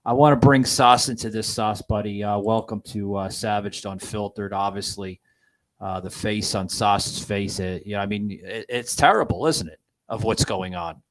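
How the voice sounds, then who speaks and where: A man hosting a podcast, giving political commentary in a halting, distraught way with many restarts. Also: on the low side, rough recording. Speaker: podcast host.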